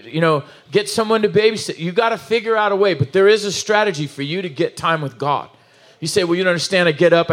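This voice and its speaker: A man preaching a sermon in an animated, emotional, conversational way, full of asides and restarts. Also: a little high. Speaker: pastor.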